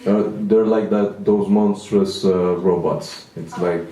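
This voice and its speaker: A man's voice: low-pitched, steady tone, slow pace, dark tone, far from the mic. A man in his thirties doing a stand-up comedy set, self-deprecating and rambling with restarts, in a small venue. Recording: echoey room, mic from afar.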